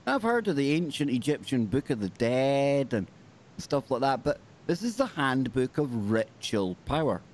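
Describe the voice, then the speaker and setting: A male show host talks in a casual, everyday way at a middle pitch. He reads long passages from an article aloud and now and then stumbles and corrects himself. Faint noise sits under his voice. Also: big pitch swings, normal speed, darkish tone.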